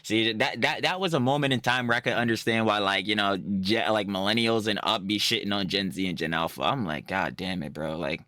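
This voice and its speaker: A man's voice: on the low side, brisk, hardly any pauses, bright, forceful tone, no room sound, clean studio sound. A young man giving heated, profane, exasperated reaction commentary full of slang.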